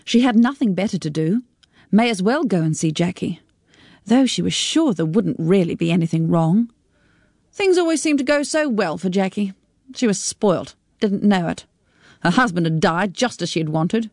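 A woman reading a novel aloud on the radio in a measured storytelling manner. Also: mid-range voice, lively intonation, a little mellow, no room sound, studio quality. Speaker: narrator.

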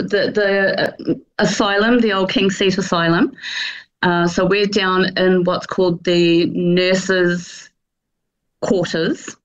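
A woman's voice: medium pitch, clean tone, muffled recording. A woman with a New Zealand accent, interviewed as a guest, hesitant and full of fillers but cheerful. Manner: hesitant, many fillers, laughs easily. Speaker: guest, attraction manager. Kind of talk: radio interview.

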